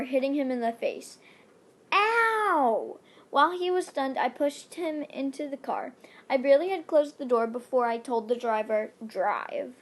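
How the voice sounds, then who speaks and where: A woman's voice: high-pitched, a little mellow. A young woman reading her own fanfiction aloud, playful, with dramatic asides. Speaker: fanfiction reader.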